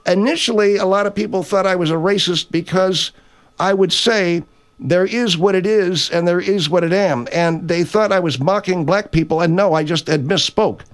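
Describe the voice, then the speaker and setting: Brief: man playing a blustery, rambling grocery magnate on his own radio show, higher-pitched voice, improv comedy. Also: normal speed, clear, resonant tone, natural voice. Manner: blustery, rambling, self-correcting. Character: brash older male grocery chain owner hosting a radio show. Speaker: radio host character.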